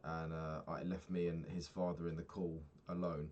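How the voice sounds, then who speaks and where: A man's voice: sits low, level tone, moderate pace, a little mellow, lo-fi sound, a little hiss or hum. A young man talking through his day in a candid, rambling diary vlog, swearing freely. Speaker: vlogger.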